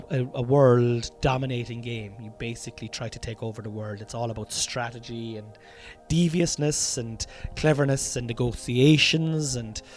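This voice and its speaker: An Irish podcast host with a medium-pitched, darkish voice records in a room at home, delivering a rambling, casual comedic monologue. He swears freely and addresses his listeners as lads.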